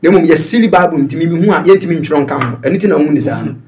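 A man's voice: on the high side, very fast, a little mellow, a little hiss or hum. A man with a Ghanaian accent, a self-styled prophet, answering interview questions with emphatic, preacher-like repetition. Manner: emphatic, repeats phrases like a preacher. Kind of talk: animated interview in mixed Twi and English.

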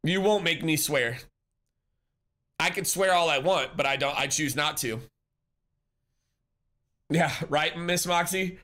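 A man chatting casually on a live stream, upbeat and talkative as he answers his viewers by name. His voice sits slightly high for a man, with a crisp, bright edge. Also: slow, pauses often.

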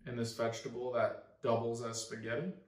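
A young man co-hosting a home cooking vlog, joking in a laid-back way with halting restarts. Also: mid-range voice, level tone. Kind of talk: casual chat. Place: home kitchen. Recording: echoey kitchen, mic far off.

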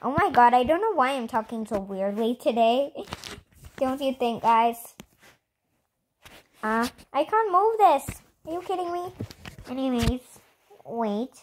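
A young girl hosting her own gaming channel, chatting excitedly and giggling to viewers as she plays. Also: high-pitched, unhurried, pauses often, a little hiss or hum. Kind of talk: casual gameplay commentary.

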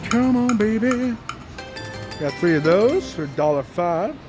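A slot machine vlogger giving excited live commentary on a casino floor, pleading with the machine over and over. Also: medium pitch, a little slow. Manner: excitable, pleads with the machine, repeats "come on" and "one more". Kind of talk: excited live commentary while playing slots. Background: jingling slot machine music.

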